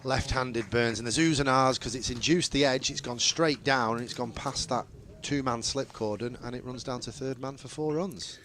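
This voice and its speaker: A man's voice: medium pitch, normal speed, few pauses, fairly bright tone. A man giving ball-by-ball radio cricket commentary, lifting his voice on boundaries and chatting easily between balls.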